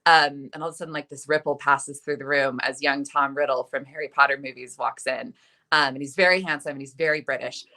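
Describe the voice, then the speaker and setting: A woman author telling a lively, self-deprecating anecdote in a chatty interview, full of "like" and asides. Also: very deep voice, fairly quick. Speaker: author guest. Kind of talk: animated anecdote on a video interview.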